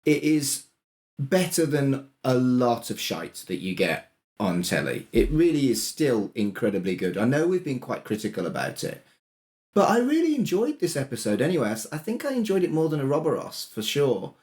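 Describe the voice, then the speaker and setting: Brief: male co-host, casual and swearing, very expressive intonation. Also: mid-range voice, moderate pace. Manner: lively, laughs often, swears casually. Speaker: podcast co-host. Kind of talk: casual chat.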